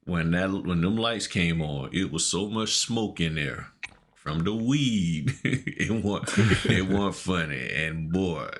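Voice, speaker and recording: Casting: low-voiced middle-aged man, relaxed slangy podcast storyteller. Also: takes it slowly. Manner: laid-back, laughing, slangy storyteller. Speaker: podcast co-host. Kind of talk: casual storytelling chat.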